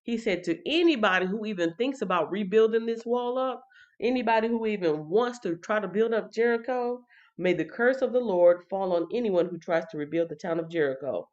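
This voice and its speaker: A woman's voice: mid-range voice, a little fast, dull audio. Chatty woman on a livestream. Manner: chatty, talks straight to chat viewers. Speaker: livestream host reading the Bible. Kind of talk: casual livestream Bible reading. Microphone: computer or phone mic on a livestream.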